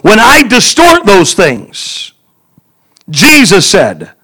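A man preaching a fervent sermon, repeating himself and swinging from shouts to near-quiet asides. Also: sits high, huge pitch swings, very slow, breathy edge, low-quality recording.

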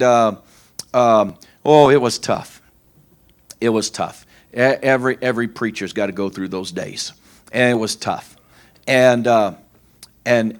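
A middle-aged man preaching a sermon as pastor, telling homespun stories with a folksy, repetitive manner and informal grammar. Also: mid-range voice. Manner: folksy storytelling, repeats phrases.

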